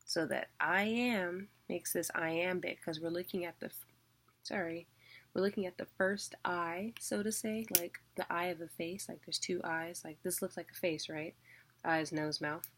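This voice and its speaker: A woman's voice: on the low side, steady tone, unhurried, a bit bright, a little hiss or hum. A woman teaching a casual online lesson, chatty and full of fillers as she explains things visually.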